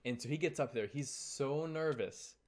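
A man's voice: medium pitch, normal speed. A teenage guy telling a story to his viewers in a casual vlog. He sounds exasperated and rambles with frequent restarts. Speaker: YouTuber.

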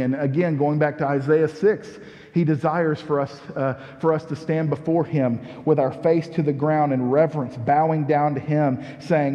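A man's voice: fairly high pitch, steady tone, normal speed, warm tone. A man preaching a sermon to a congregation, earnest and leading them in call-and-response. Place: church sanctuary. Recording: muffled church hall recording with long reverb.

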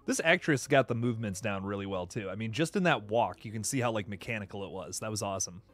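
A man giving casual, slangy commentary on a film, excitable and quick to joke. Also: on the low side, soft background music. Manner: excitable, jokey and slangy, with frequent laughs. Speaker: movie reviewer.

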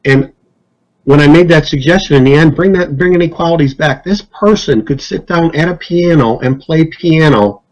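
A man's voice: normal speed, rough recording. A man as a podcast guest, telling stories casually and acting out the people he quotes. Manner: animated, acts out quotes with rising pitch. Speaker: hypnotist guest. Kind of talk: casual storytelling.

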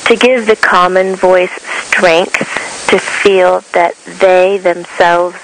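A woman working as a medium, relaying answers and describing what she sees in a halting, casual way. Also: fairly low pitch, fairly even intonation, slight background noise, poor audio. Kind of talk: casual chat.

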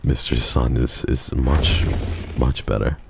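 A man's voice: rumbling low, fairly even intonation, takes it slowly, creaky, over music. A man streaming a game live, chatting casually with his viewers, swearing and joking.

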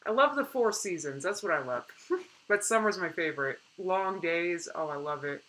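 Young woman streamer just chatting w her viewers, bright voice, loose and animated, laughs a lot. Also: medium pitch, a little fast, poor audio. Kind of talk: casual live-stream chat, reading viewer comments.

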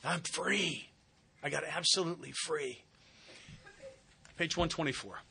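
A man's voice: a little high, unhurried, gravelly, sharp tone, slight background noise. A middle-aged man speaking at a recovery retreat, earnest and heartfelt, sharing his own story with wry humor. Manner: plain-spoken with wry humor. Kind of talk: personal sharing talk. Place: retreat center meeting hall.

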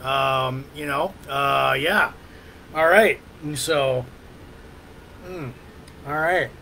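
A man's voice: mid-range voice, very slow, creaky, sharp tone, slight background noise, rough recording. A man hosting a livestream in casual chat, rambling with many fillers and restarts. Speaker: livestream host.

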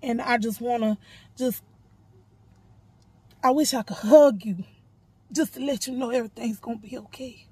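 A woman's voice: fairly high pitch, normal speed, pauses often, mellow, breathy edge, no room sound, low-quality recording. A woman recording an affectionate, emotional get-well video message, close to tears.

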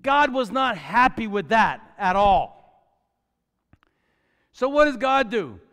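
A man preaching a sermon as the pastor, telling a Bible story in an animated way and acting out the characters with jokey asides. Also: high-pitched, slow pace. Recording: church hall with long reverb.

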